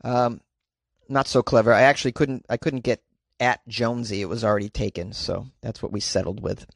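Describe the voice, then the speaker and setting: A man's voice: mid-range voice, fairly even intonation, a little fast, gravelly, no echo, studio quality. A man hosting a comedic news podcast, rambling and joking, laughing at his own jokes. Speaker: podcast host.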